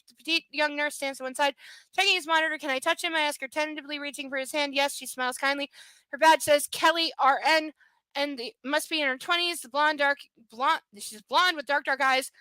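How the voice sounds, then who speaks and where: A woman's voice: high-pitched, steady tone, fast, pushed and bright, no echo. A woman streaming a live book reading, breaking off into sarcastic, profane commentary. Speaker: livestream reader.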